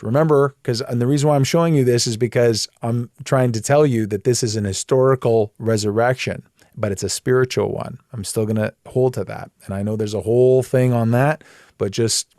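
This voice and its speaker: A man of middle pitch teaches scripture in a relaxed, conversational way, leaning hard on his key points. His voice sits close and dry, with no room around it. He talks plainly, like he's explaining things across a table. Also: dry recording. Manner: emphatic, plain-spoken, animated when making a point. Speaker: Bible teacher. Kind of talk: conversational Bible study teaching.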